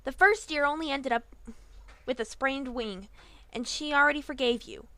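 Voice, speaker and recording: A woman voicing a brash, furious young female griffin in a fan audiobook reading, shouting and confrontational with slangy talk. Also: high-pitched, moderate pace, no echo, voice pushed up. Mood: accusing.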